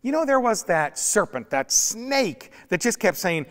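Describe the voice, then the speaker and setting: A man preaches in an unhurried, slow way, with a slightly high voice. He tells the story with humor and slips into playful voices. His sound carries a long reverb from a church sanctuary. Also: sing-song, fairly bright tone. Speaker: pastor. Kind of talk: sermon.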